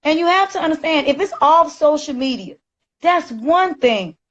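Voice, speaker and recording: A woman, ranting emphatically on a live stream and growing loud and agitated. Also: sits high, lively intonation, normal speed, dull audio. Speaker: livestreamer. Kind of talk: heated live-stream rant.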